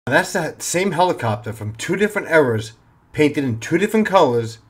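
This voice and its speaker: A man, a former police officer, telling a story in a casual, animated way and swearing freely. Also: on the high side, fairly quick, slightly rough. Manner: animated, swears freely, acts out his own panic.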